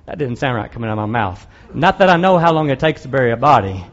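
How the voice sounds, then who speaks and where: A man's voice: medium pitch, very animated, fast, dull audio. A man preaching a sermon in a conversational way, asking his listeners direct questions and dropping in wry asides.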